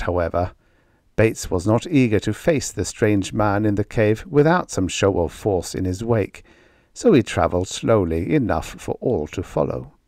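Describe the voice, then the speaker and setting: A man reading a vintage science fiction story aloud as an audiobook narrator, with expressive storytelling. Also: deep voice, no room sound, studio quality. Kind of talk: scripted narration.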